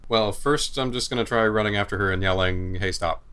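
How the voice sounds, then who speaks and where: A man's voice: on the low side, brisk, fairly bright tone, clean tone. A man taking part as a player in a tabletop game, talking casually with some hesitation. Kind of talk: casual chat at a gaming table.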